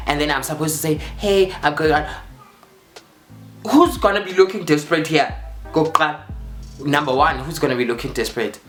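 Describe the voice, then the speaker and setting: A man's voice: on the high side, a little fast, pauses often. A young South African man vlogging a storytime, acting out quotes and repeating phrases for drama. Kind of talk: storytime vlog. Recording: roomy echo with faint music.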